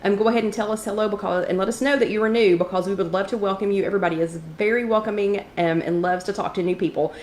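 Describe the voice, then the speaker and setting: A woman hosting a casual livestream chat, greeting viewers by name and clearing her throat from allergies. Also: medium pitch, steady tone, fast talker, few pauses, a little mellow, echoey room, a little hiss or hum. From East Tennessee. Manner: chatty, greets viewers by name between remarks. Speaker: host of a live wellness chat.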